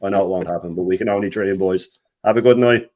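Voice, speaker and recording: Irish guy telling stories on a live stream, lowish voice, laughs a lot. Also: fast talker, darkish tone. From Ireland. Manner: chatty storyteller, laughs often, swears casually. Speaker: guest co-host with own channel. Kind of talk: casual live-stream chat.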